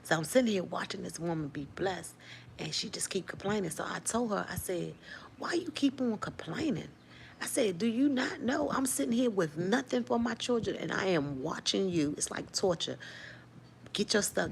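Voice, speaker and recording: Woman telling a faith story, gravelly voice, gets loud and acts it all out. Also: lowish voice, normal speed, slight background noise. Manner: animated storytelling, acts out quotes, laughs often. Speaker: host sharing a faith testimony. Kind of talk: lively spoken testimony to viewers.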